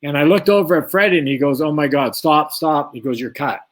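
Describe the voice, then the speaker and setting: A former boxer, interviewed as a guest, rattles through a long fight story a little fast in a fairly high voice. He lively plays each character in the dialogue himself.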